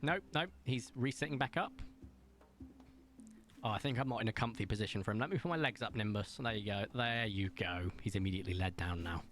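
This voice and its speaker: Around thirty, a man chats casually on a gaming stream from his home desk through a desk microphone, at times coaxing his cat. His voice is on the low side, fairly quick and a bit bright.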